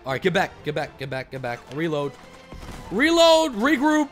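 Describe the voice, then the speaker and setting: A man giving casual let's-play commentary, excitable, with loud outbursts and cursing. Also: fairly high pitch, brisk, soft background music. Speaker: gaming commentator.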